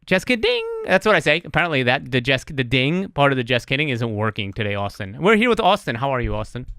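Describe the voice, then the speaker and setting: A man's voice: medium pitch, lively intonation, quick pace, sharp tone, clear, resonant tone, no room sound, clean studio sound. A man hosting a casual podcast, rambling and joking at his own expense, swearing now and then. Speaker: podcast host. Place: streamed live on Twitch.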